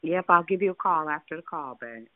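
A woman's voice: low voice, animated, fairly quick, dry recording. A woman pastor hosting a prayer call, affectionate and calling people babe and sugar. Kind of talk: casual prayer-line chat. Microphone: phone. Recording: dry tinny phone line.

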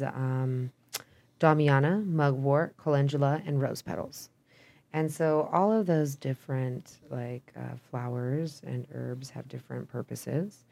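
Young woman, from idaho, gravelly fry, casual podcast chat, rambling, lots of filler words. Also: rumbling low, warm tone. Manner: rambling, frequent "like" and "um", candid with swearing. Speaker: podcast guest.

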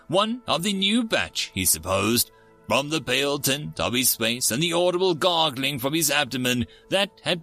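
A man narrating a story in a steady storybook reading. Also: on the high side.

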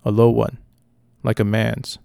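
A man reading the lines of a troubled woman who hears accusing voices, in a quiet, halting way. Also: fairly low pitch, level tone, vocal fry, clear, resonant tone, no echo. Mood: uneasy.

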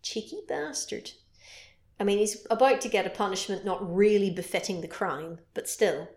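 A woman's voice: medium pitch, moderate pace, darkish tone, echoey room. A woman co-hosting a podcast, chatting casually and animatedly as she retells a horror film with playful sound effects. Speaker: podcast co-host.

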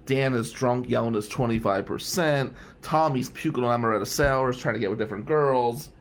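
A man spins a casual personal story with a dry, sardonic edge, wandering off into wry asides. His voice sits at a middling pitch. A faint hiss runs under the recording. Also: brisk.

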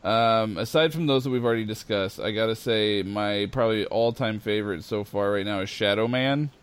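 A man's voice: lowish voice, a little fast, clean tone. A man hosting a casual chat, talking with enthusiasm and laughing easily. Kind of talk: casual chat about comics.

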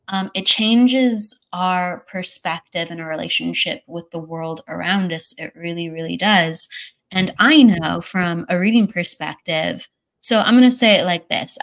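A woman psychic medium guesting on a podcast, speaking in a reflective, measured way. She pauses often and fills gaps with ums. Her voice sits a little lower than most women's. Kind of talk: casual podcast conversation.

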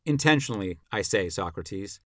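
A man voicing a stubborn young accuser who answers tersely and insistently, a bit lower and quieter than his narration. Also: expressive, moderate pace, no echo, studio quality, lightly acted. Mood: curt.

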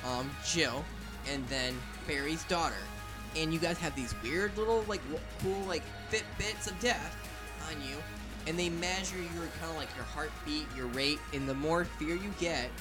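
A man rambles through a casual podcast chat, jokey and animated. His voice sits a little high. Music plays clearly under the talk. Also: moderate pace. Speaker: podcast co-host.

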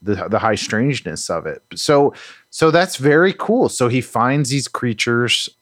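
A man's voice: mid-range voice, animated, measured pace, fairly bright tone, no echo, studio quality. A man co-hosting a podcast, musing casually with lots of "you know"s and repeated words. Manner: rambling, reflective, many "you know"s and repeats. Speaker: podcast co-host. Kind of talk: casual chat.

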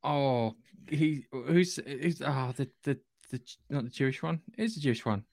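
A man's voice: medium pitch, normal speed, vocal fry, darkish tone, dry recording. A man co-hosting a podcast, chatting and joking casually, often trailing off mid-sentence. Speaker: podcast co-host. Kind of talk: casual chat.

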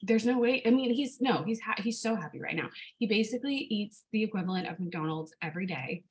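A young woman from California, chatting casually and telling an animated story, swearing and laughing often. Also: medium pitch, fairly quick, rough recording. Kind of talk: casual chat.

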